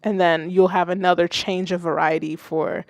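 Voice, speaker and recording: A woman's voice: fairly low pitch, level tone, normal speed, a loud crowd. A young woman from Haiti hosting a live music listening stream, giving candid, casual feedback and swearing freely. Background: submitted song playing.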